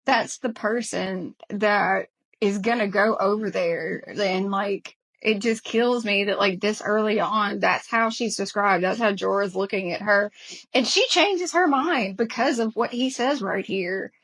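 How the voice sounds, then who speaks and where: A woman's voice: medium pitch, measured pace, a bit bright, rough recording. Emotional Southern woman podcast host. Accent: Southern American. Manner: emotional, quotes lines with feeling. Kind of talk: casual chat.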